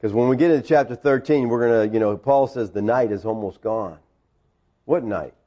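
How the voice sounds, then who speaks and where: A man's voice: medium pitch, fairly quick, warm tone, dull audio. A man preaching a sermon as pastor, conversational, with teasing asides to his congregation in a church.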